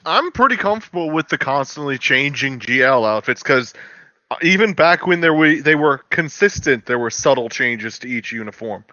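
Bright earnest man, lo-fi dry sound. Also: mid-range voice, expressive, normal speed, dry recording. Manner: earnest, explains at length. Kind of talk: casual film commentary and argument.

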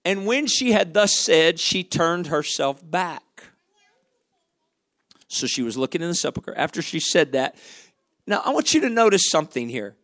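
A male preacher delivers a sermon, dropping to near-whispers and then climbing loud again. His fairly high voice leaps around expressively. The sound is close and dry. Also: sing-song, normal speed, no room sound. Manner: dramatic, swings from hushed to loud, rhetorical questions.

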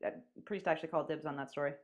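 Low-voiced woman hosting a casual chat. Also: fairly even intonation, very fast, muffled recording. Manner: teasing, playful. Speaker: podcast host, interviewer. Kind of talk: casual chat, asking questions.

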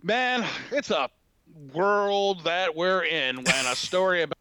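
A man's voice: sits high, takes it slowly, sharp tone. A man co-hosting a casual podcast, tossing in sarcastic, profane wisecracks. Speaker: podcast co-host. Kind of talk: casual chat. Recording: dull, slightly lo-fi dry sound.

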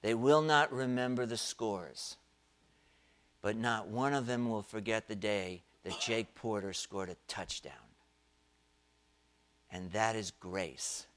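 A man preaching a sermon, telling a story with dramatic pauses and rising swells of volume. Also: mid-range voice. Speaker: pastor.

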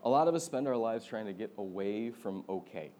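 A young man preaching, his voice mellow and relaxed. He tells a story in an animated way and laughs often. A faint hum of room noise sits under the recording. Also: fairly low pitch, brisk. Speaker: pastor. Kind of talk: sermon.

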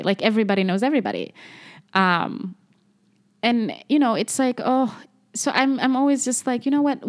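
A young adult woman, a doctor, talking in a relaxed podcast conversation, animated and acting out what people say. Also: mid-range voice. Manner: animated, acts out quoted speech. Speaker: medical doctor guest.

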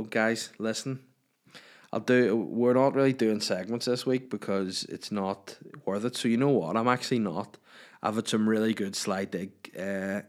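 A Northern Irish man chats on his own podcast from a room at home in a lowish voice. He rambles and swears freely, cracking jokes at his own expense. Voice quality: sweary, self-mocking, rambling. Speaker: podcast host. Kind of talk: casual solo podcast chat.

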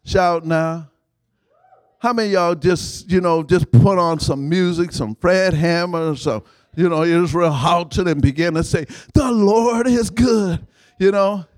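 A man preaching a sermon in call-and-response style, prompting the congregation to finish his lines and rising to shouts. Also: high-pitched, unhurried, dry recording.

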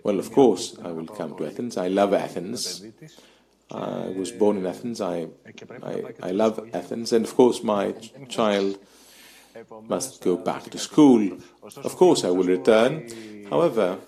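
Slow, gravelly, halting man. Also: lowish voice, warm tone. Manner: halting, with many pauses and fillers. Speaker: panel discussion speaker. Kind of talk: live webcast panel discussion.

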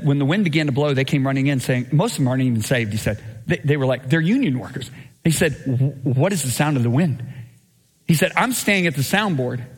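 A middle-aged man preaching a sermon live in a church, telling a story with lively quoted voices. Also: fairly high pitch. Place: church sanctuary. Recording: live church recording with long reverb.

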